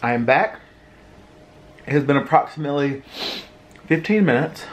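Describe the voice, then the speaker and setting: A man's voice: fairly high pitch, lively intonation. A man chatting casually to viewers in a mukbang, sighing and suffering from spicy food. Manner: chatty, drawn-out sighs, informal. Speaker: food vlogger.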